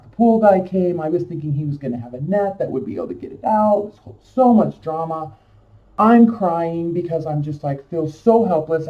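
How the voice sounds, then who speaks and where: Rambling and full of fillers, a higher-voiced man tells a casual, emotional story. The dull lo-fi microphone picks him up from a distance.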